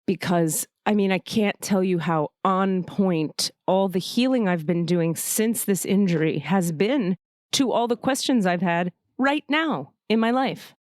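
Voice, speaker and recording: A woman's voice: mid-range voice, no echo. Woman telling an emotional story, dry sound. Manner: emotional, profane, animated storytelling. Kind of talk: casual storytelling.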